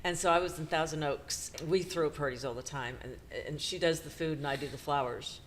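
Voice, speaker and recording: A woman's voice: deep voice, a little hiss or hum. Middle-aged woman telling an emotional story. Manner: halting, emotional retelling with nervous laughs. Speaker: podcast co-host. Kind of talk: personal storytelling.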